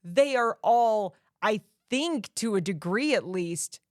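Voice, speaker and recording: A woman co-hosting a podcast, talking through a movie in casual chat and acting out scenes in quick bursts. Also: mid-range voice, animated, darkish tone, no room sound, studio quality. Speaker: podcast co-host.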